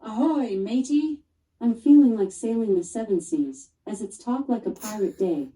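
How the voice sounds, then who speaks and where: A woman voicing a polite female smart speaker assistant, even and synthetic, heard from across a room. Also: on the high side, moderate pace, natural voice. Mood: chirpy. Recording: roomy, from a distant speaker.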